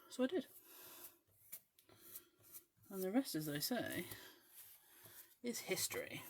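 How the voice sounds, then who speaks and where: Her mid-range, a little mellow voice is very animated, yet slow, with long pauses. She is a woman in her forties from the west of Scotland who hosts a crafting show, speaking English with a faint Scottish twang. As she works she chats casually, rambling and full of ums.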